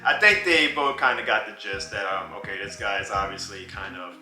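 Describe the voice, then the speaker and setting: Animated storytelling man, bright voice. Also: on the low side, a little fast. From New Orleans. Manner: animated, laughs often, acts out voices. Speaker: vlogger telling a personal story. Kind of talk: casual storytelling. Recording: roomy with faint music.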